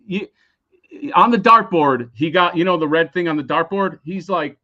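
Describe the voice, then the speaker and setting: A man in casual podcast chat who gets excitable, swears often and stumbles over his words. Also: on the high side, moderate pace, muffled recording. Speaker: podcast guest, toy creator.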